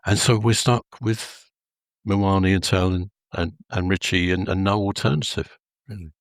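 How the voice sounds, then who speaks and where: A man on a football podcast, speaking in a hesitant, halting way and often repeating his words. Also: sits low, fairly even intonation, no room sound, studio quality. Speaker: podcast panelist. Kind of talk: casual football podcast chat.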